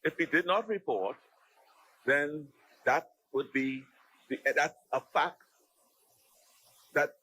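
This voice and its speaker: A man's voice: a little high, slow pace, long pauses, pushed and bright, slight background noise, low-quality recording. A man with a Bahamian accent, speaking as a member of parliament in a debate, argumentative and often restarting and repeating his words. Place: legislative chamber.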